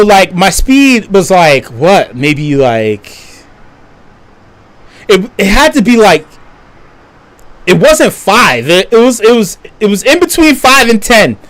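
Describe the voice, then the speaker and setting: A man's voice: high-pitched, a bit bright. A young adult man telling a story on a live stream, swearing freely, stammering through restarts and laughing as he talks.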